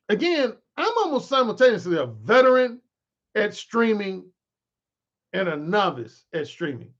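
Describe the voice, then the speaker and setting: A man's voice: sits high, dull audio. A man who works as a dating coach and author, talking candidly to his followers on a livestream with lots of restarts. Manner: candid and animated, with frequent restarts. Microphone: desk microphone he adjusts mid-stream.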